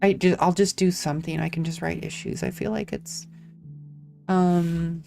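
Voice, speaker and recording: A woman's voice: fairly low pitch, steady tone, moderate pace, creaky, mellow, faint music behind. A woman hosting a casual live-stream tech talk, thinking aloud with restarts, self-corrections and casual swearing.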